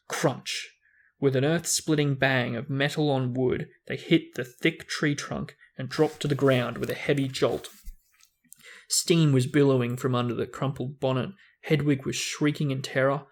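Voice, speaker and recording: A man reads a novel aloud as the host of a book discussion. His reading is expressive, with the odd small restart, and his voice sits at an ordinary middle pitch for a man.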